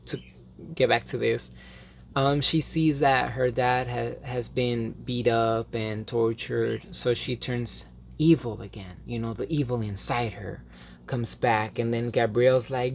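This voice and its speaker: A man giving a casual spoken review, rambling with many fillers and self-corrections, and turning animated and dramatic when excited. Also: mid-range voice, unhurried, gravelly, a little hiss or hum. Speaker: TV show reviewer.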